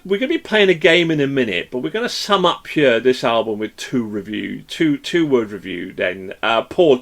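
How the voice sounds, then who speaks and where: A man hosting a casual music review panel, rambling with many fillers and bursts of excitement. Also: medium pitch. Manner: rambling, lots of ums and restarts, lively exclamations. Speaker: podcast host. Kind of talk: casual panel chat over video call.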